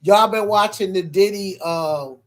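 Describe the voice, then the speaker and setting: A man's voice: high-pitched, measured pace. A man from New York chatting casually on a livestream. He rambles and swears, with lots of hesitations, and often calls out to his viewers. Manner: rambling and profane, full of hesitations.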